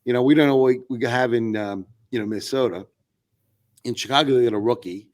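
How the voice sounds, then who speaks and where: A man's voice: mid-range voice, a little fast, darkish tone. A man appearing as a podcast guest, talking sports in a casual, rambling way with many fillers and restarts.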